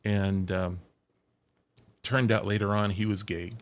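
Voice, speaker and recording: An older man co-hosting a podcast, reminiscing in casual chat in an unhurried, halting way. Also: lowish voice, steady tone. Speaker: podcast co-host.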